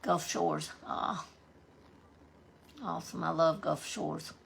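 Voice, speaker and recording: Southern woman, live-stream host, gravelly low voice, folksy chatter with viewers. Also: fairly even intonation, slow, a little hiss or hum. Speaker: livestream host. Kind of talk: casual live-stream chat, reading out viewer comments.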